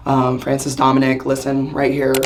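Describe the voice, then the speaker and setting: Hoarse chatty woman vlogging. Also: very deep voice, completely flat delivery, moderate pace, a little hiss or hum. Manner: chatty, rambling, laughing often. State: losing her voice, hoarse. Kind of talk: casual chat to camera. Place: hotel bathroom.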